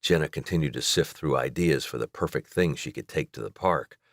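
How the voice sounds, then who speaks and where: A male audiobook narrator reading in a steady, measured way. His voice sits very low. The recording is dry and close. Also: no echo. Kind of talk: scripted narration.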